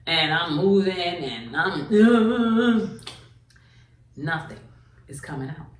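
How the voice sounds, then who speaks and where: A woman comedian telling stories in a casual podcast chat, animated and acting out the voices of others. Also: lowish voice, takes it slowly, far from the mic, slight background noise. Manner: animated storyteller, acts out quoted voices. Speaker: comedian guest. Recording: roomy, from off mic.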